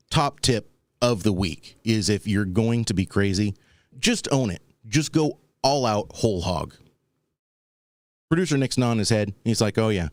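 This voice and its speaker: A man's voice: on the low side, no echo, studio quality. A man hosting a talk show, telling a rambling, wry story and acting out the people he quotes. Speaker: podcast host. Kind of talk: casual comedic storytelling.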